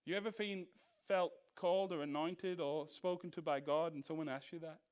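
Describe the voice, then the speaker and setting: A man teaching a Bible study as pastor, animated, asking rhetorical questions and mimicking other voices. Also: on the high side, moderate pace, smooth. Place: church.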